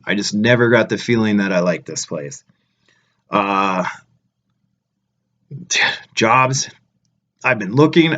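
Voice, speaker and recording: A man's voice: medium pitch, highs cut off. A man talking casually to camera as a travel vlogger, blunt and ranting with plenty of swearing. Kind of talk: casual vlog chat to camera.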